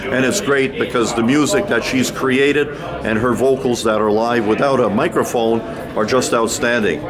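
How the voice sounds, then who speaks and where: A man's voice: mid-range voice, fairly even intonation, moderate pace, a crowd in the background. A man working as a roving reporter, interviewing people on an audio trade show floor in a rambling, chummy way with lots of restarts. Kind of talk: casual on-the-floor interview chat.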